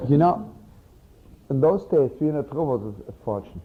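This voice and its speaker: A man's voice: mid-range voice, expressive, normal speed, slightly rough. Man telling sermon stories on tinny tape. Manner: chatty, peppered with "you know", laughing at his own stories. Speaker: rabbi and storyteller. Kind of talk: sermon storytelling. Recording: tinny phone-like archival recording.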